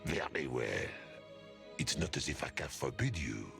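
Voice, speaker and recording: An actor playing a big bad wolf who mocks a sweet old grandmother in a slow, theatrical way, in a video game. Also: rumbling low, expressive, vocal fry, exaggerated voice. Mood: gruff. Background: game music.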